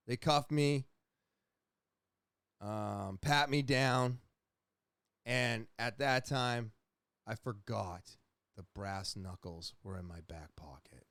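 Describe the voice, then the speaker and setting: A young adult man hosting a podcast, casually telling a rambling, profane story with animated retellings. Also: fairly low pitch, slow pace, long pauses, no echo. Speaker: podcast host.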